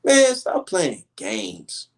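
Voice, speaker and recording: A young man hosting a casual livestream, telling stories in an emphatic, profane, animated way. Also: fairly high pitch, very slow. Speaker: livestream host.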